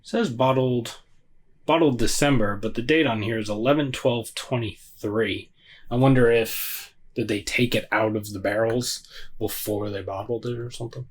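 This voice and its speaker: A man's voice: mid-range voice, normal speed. A man hosting a casual solo whisky review, rambling and hesitant with plenty of fillers and self-deprecating asides.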